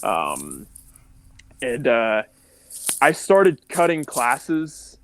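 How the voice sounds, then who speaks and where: A young Californian man tells his life story as a podcast guest, candid and rambling, full of "like" and restarts. His medium-pitched voice swings hugely in pitch and draws out words, and the audio is poor.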